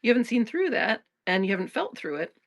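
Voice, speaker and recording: A woman's voice: fairly high pitch, sing-song, fast talker, no echo, studio quality. A woman hosting a spiritual talk in a casual, frank way, swearing freely, laughing often and restarting her sentences. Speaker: spiritual teacher and podcast host.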